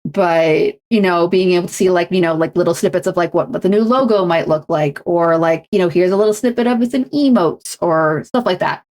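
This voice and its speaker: A woman's voice: lowish voice, a little fast, hardly any pauses, a little mellow. A young adult woman streamer in casual chat, talking in loose runs full of fillers and restarts. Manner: chatty, many fillers and restarts. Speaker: streamer and co-host.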